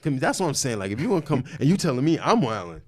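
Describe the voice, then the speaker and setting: A man's voice: medium pitch, big pitch swings, racing, darkish tone. A man co-hosting a casual podcast chat, arguing insistently and animatedly in profane street slang. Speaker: podcast co-host.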